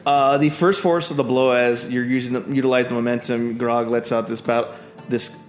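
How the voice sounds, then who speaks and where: A man's voice: mid-range voice, fairly even intonation, moderate pace, soft background music. A man running a tabletop game as dungeon master, narrating combat loosely with fillers and laughs.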